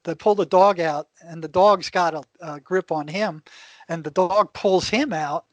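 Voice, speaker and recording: An older man, a retired therapist guest, telling an animated story in casual conversation with frequent restarts. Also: high-pitched, measured pace, no echo.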